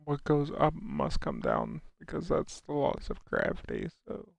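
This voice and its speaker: A man's voice: on the high side, huge pitch swings, measured pace, gravelly, dry recording. A young man chatting casually with viewers on a live stream, a laid-back airman who chuckles as he answers questions. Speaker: livestreamer and air force airman.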